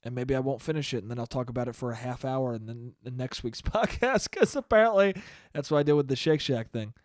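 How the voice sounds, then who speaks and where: A man's voice: medium pitch, expressive, fast talker, dry recording, clean studio sound. A man in his twenties hosting a casual solo podcast, rambling through stories, swearing freely and laughing at his own jokes. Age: 20s. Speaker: podcast host.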